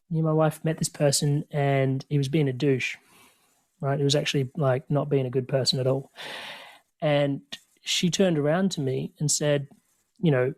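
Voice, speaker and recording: A man with a slightly high voice, talking as a podcast guest. He tells stories with energy and acts out the lines of other people. He uses a relaxed, conversational coaching tone. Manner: energetic, animated storytelling with quoted dialogue.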